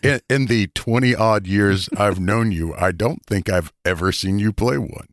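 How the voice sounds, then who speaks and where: A man with a deep voice co-hosts a casual gaming podcast, trading quick agreement and dry jokes. His voice is recorded dry and close. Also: no room sound. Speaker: podcast co-host. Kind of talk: casual tabletop gaming chat.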